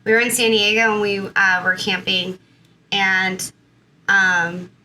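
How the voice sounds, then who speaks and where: A bright-voiced woman in her thirties, from Southern California, opens up as an interview guest. She talks at a middling pitch in a loose, chatty way, with "like" and "you know" all through her sentences. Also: fairly even intonation, slow, slight background noise, low-quality recording. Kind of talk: personal interview storytelling.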